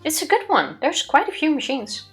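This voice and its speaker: A woman's voice: sits high, huge pitch swings, moderate pace, faint music behind, voice pushed up. A woman doing a teasing teenage girl.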